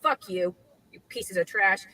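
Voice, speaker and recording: A woman's voice: mid-range voice, measured pace, sharp tone, rough recording. A woman ranting furiously and swearing, recorded outdoors in a clip. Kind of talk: angry ranting video clip. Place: outdoors outside a store.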